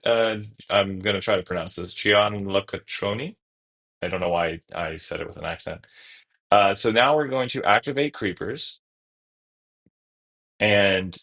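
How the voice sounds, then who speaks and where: A man streaming a card game, talking through each move out loud in a casual, self-correcting way. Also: lowish voice, rough recording. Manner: thinks aloud through each move, casual, trailing restarts. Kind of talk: live-stream gameplay commentary.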